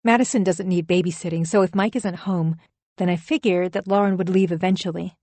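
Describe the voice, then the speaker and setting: A woman narrates a first-person suspense audiobook with tense, emphatic delivery. Her voice is a bit low for a woman. It is recorded on a close mic with a dry, dead sound. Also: darkish tone, dry recording.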